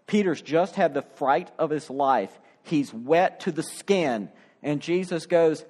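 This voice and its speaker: A man's voice: on the high side, expressive, slow pace, a little mellow. Man preaching with dramatic acted-out quotes. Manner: dramatic, acts out quoted voices. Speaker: pastor. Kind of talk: sermon.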